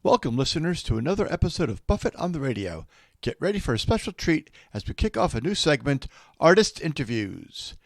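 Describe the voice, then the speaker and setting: A man's voice: on the high side, big pitch swings, a little fast, no room sound. A man hosting a radio show, reading a scripted introduction and asking interview questions in an announcer-like way. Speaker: radio host.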